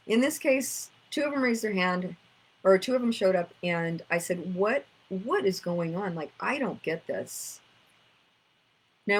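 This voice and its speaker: A woman's voice: on the low side, husky, low-quality recording. A woman, teaching about inner child work in a casual storytelling way, acting out conversations. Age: 50s.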